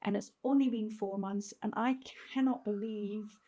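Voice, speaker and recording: A woman's voice: mid-range voice, steady tone, normal speed, dark tone. Heartfelt woman in her fifties vlogging. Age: 50s. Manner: candid and heartfelt, openly emotional. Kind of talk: personal video diary.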